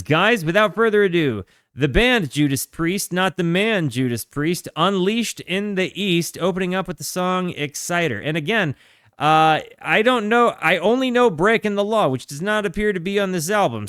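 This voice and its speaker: A man's voice: a little high, fairly bright tone, clear, resonant tone, no room sound, clean studio sound. A man hosting a music reaction channel, chatting casually with lots of restarts and fillers. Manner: rambling, restarts, stacked fillers.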